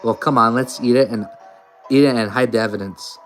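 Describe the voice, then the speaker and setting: A man playing a gruff blunt teen girl. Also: mid-range voice, fairly even intonation, a little fast, soft background music, lightly acted, poor audio. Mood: excited teasing. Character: rough tough teenage girl, gruff and blunt.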